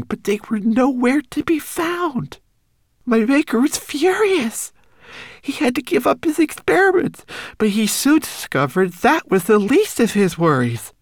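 Squeaky shaky little homunculus, timid and teary, lots of swoops, dry close mic. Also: male voice, dry recording, full character voice. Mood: grieving, urgent. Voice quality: high, quavering and pleading. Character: small, tearful, timid male homunculus servant. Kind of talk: audiobook character voice.

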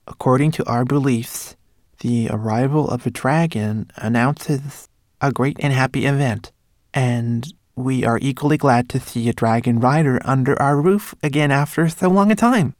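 A man's voice: medium pitch, no room sound, studio quality, pitched above the performer's own voice, close to an everyday voice. A man voicing a tiny, nervous male homunculus who whispers translations, in a storybook reading. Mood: eager. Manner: whispering translator, quick and eager.

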